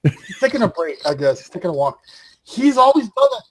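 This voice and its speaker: A man's voice: high-pitched, huge pitch swings, fairly quick, husky, rough recording. A man hosting a rowdy web talk show who teases his guests and tries to keep order. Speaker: host. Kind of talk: casual chat hosting.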